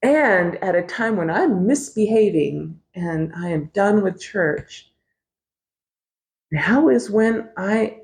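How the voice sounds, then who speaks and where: A woman's voice: medium pitch, lively intonation, slow, a little mellow. A middle-aged woman hosting a podcast, telling a personal story in a candid, wry way, swearing freely and laughing often. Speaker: podcast host.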